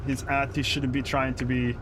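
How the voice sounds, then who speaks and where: A man's voice: mid-range voice, completely flat delivery, moderate pace, background noise. A man commenting live on a stream, reacting to clips with amused exasperation and stammered restarts.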